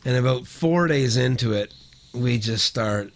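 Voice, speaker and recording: A middle-aged Canadian songwriter telling a story as a podcast guest, rambling, restarting sentences and swearing freely. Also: male voice, medium pitch, unhurried. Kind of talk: casual storytelling.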